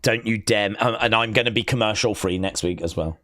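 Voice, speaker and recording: A young man hosting a live wrestling watch-along, calling the action and chatting with viewers, often shouting at big moves. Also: lowish voice, brisk, no echo, studio quality.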